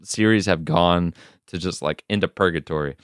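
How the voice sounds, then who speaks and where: A man's voice: low voice, normal speed, clean tone, dry recording, clean studio sound. A man co-hosting a podcast, recapping a show in a rambling, profane way with many fillers. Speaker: podcast co-host. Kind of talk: casual recap chat.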